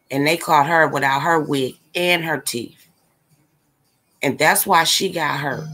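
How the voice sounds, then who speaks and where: A woman with a somewhat low voice rants casually to her livestream audience. She is blunt and exasperated, and she speaks straight to the people watching. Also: fairly bright tone. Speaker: livestream commentator. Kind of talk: casual ranting commentary.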